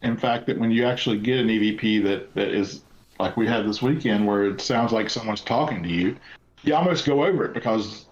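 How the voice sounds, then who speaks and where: A man's voice: lowish voice, brisk, echoey room, lo-fi sound. A man, a paranormal investigator, chatting as a podcast guest and telling investigation stories with many restarts. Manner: storytelling, rambling with restarts. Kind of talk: casual podcast chat.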